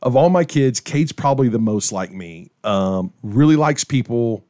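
A middle-aged man spins a story in relaxed conversation, now and then slipping into the voices of the people he quotes. His voice sits at an ordinary pitch, and the sound is close and dry with no room around it. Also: moderate pace, no echo. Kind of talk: casual storytelling chat.

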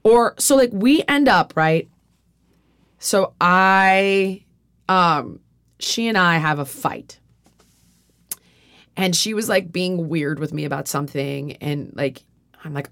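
A woman's voice: fairly low pitch, takes it slowly, pauses often, fairly bright tone, no echo, clean studio sound. A woman hosting a podcast, talking in a candid, rambling, profane way with frequent restarts. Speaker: podcast host. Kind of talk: casual podcast chat.

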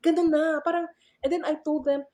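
A woman's voice: high voice, flat delivery, brisk, warm tone. A woman with a Filipino accent, a professor, telling stories expressively and switching between English and Tagalog. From Philippines. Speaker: professor and guest speaker. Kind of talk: animated storytelling talk.

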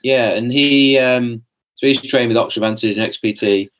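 A man's voice: mid-range voice, steady tone, brisk. A young man, a podcast guest telling a rambling personal story in casual conversation, full of restarts and fillers. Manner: chatty, rambling, many restarts and "like" fillers, acts out his own past lines.

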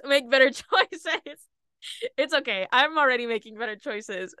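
A woman's voice: high voice, normal speed, pushed and bright, smooth, no echo, clean studio sound. A young woman hosting a personal podcast monologue, talking candidly and animatedly, laughing at herself and breaking into sudden outbursts. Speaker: podcast host.

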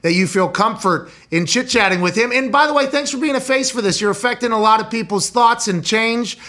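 A man's voice: extremely high pitch, fairly quick, sharp tone. A man hosting a podcast, enthusiastic and supportive in casual talk. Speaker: podcast host.

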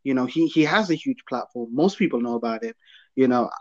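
A man's voice: medium pitch, lively intonation, a little fast, lo-fi sound. A man in casual podcast chat, slangy and hesitant, often saying bro.

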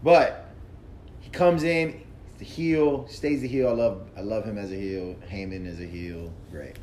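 A man's voice: on the low side, steady tone, measured pace, a little mellow, slight background noise. A man hosting a casual wrestling chat, rambling and laughing often. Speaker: podcast host. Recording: echoey room with faint ambience.

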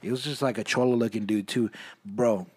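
A young man hosting a casual podcast, telling stories in a loose, slangy, animated way. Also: medium pitch, a little fast, slightly rough, no room sound. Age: young adult. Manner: laid-back, slangy, animated storytelling. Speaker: podcast host. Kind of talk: casual banter.

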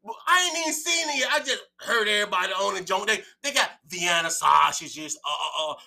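A man co-hosting a podcast in casual chat, animated and profane, repeating phrases and laughing often. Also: high-pitched, fairly quick, vocal fry. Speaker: podcast co-host.

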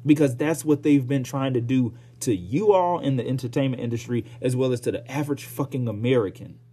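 Male podcast host, solo rant, animated and profane, darker husky voice. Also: mid-range voice, brisk. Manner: profane, heated, animated ranting with sighs.

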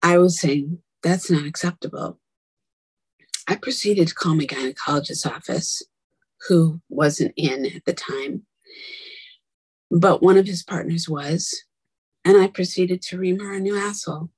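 A woman's voice: on the low side, unhurried, long pauses, a little mellow, slightly rough, no echo, poor audio. A woman telling her own story in a candid, angry, blunt and profane monologue, with whispered asides.

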